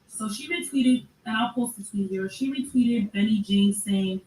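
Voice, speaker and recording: A woman giving casual commentary in a sarcastic, conversational way, with drawn-out asides. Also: medium pitch, a little mellow. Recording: echoey room, distant mic, faint noise.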